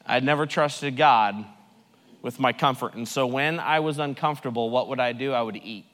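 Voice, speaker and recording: A man preaching a sermon with personal testimony at a recovery ministry, swinging between loud joking and hushed, earnest delivery. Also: mid-range voice, normal speed, in a large hall.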